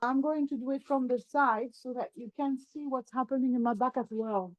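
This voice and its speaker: High-voiced woman guiding a yoga class. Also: moderate pace, muffled recording. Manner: calm, step-by-step guiding, demonstrating while talking. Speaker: yoga teacher. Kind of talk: guided yoga class instruction.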